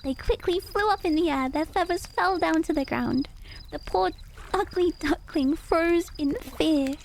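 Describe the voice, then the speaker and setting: A woman's voice: very high voice, measured pace, creaky, a little hiss or hum. A woman reading children's stories aloud on a stream, playful, with chatty asides. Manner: playful, chatty asides and laughs between lines. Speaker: storyteller.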